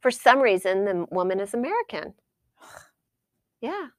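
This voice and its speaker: A woman co-hosting a casual chat podcast, chatty and quick to giggle and joke. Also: medium pitch, sing-song, no room sound. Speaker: podcast co-host.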